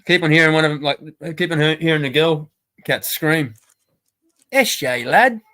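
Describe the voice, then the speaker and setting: A man's voice: on the high side, level tone, a little fast, bright, forceful tone, smooth. A man hosting a casual livestream chat, rambling, swearing and laughing often. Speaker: stream host.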